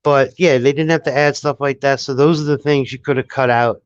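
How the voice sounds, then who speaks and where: A man's voice: medium pitch, a little fast, dry recording. New Orleans man in dull dry audio. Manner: relaxed, rambling, fillers and restarts. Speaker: movie review co-host. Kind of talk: casual chat.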